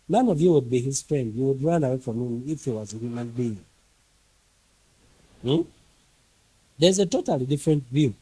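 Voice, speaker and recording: A man's voice: mid-range voice, dark tone, dry recording, rough recording. A man preaching a sermon emphatically, firing rhetorical questions at his congregation and piling up repeated phrases.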